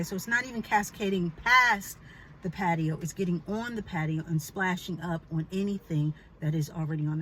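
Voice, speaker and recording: A woman's voice: medium pitch, fairly bright tone, slight background noise, low-quality recording. A woman telling a personal story in a chatty, emphatic way, with pointed asides to the listener. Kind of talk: casual storytelling vlog.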